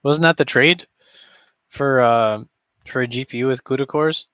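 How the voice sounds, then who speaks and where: A man's voice: mid-range voice, moderate pace, a bit bright, clean tone, no room sound, clean studio sound. Joking man streaming from his basement. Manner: rambling, joking, chuckles often. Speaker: live streamer. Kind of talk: casual chat with stream viewers. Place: basement room with a cardboard backdrop.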